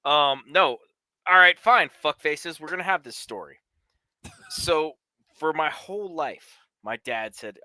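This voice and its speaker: A man's voice: on the high side, big pitch swings, unhurried, pushed and bright, no room sound. A man in his forties co-hosting a live sports talk show, telling stories with crude, brash jokes. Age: 40s. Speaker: co-host. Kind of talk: casual chat.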